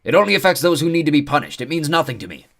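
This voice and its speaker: A man's voice: on the high side, lively intonation, rapid-fire, vocal fry, a bit bright, voice pushed up. A man voicing a male centaur tracker who is frantic, blunt and fixated on following a scent. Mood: impatient.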